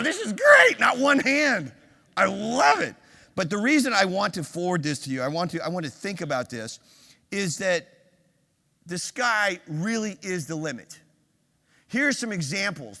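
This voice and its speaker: An older man delivers a conference keynote in a bright, forceful voice set a touch high. He keeps the energy up and throws quick questions at the audience. The stage mic carries a long reverb from a big hall. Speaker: keynote speaker.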